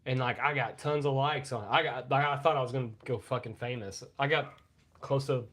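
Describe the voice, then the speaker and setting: Casting: middle-aged guy, average pitch, foul-mouthed rambling storyteller, chesty post-pneumonia cough. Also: steady tone, brisk, a bit bright, a little hiss or hum. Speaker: podcast co-host. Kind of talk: casual live podcast banter.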